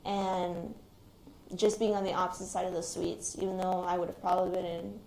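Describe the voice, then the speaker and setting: A young woman, an active military member, recounts surviving a shooting in a hesitant, reflective, quiet-spoken way. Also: on the low side, level tone, moderate pace, creaky. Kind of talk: recounting a personal experience in an interview. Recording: roomy recording with faint background noise.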